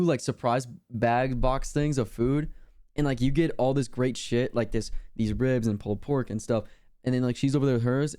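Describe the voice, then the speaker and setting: A man's voice: mid-range voice, mellow. Slangy laid-back young man streamer. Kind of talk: casual reaction chat.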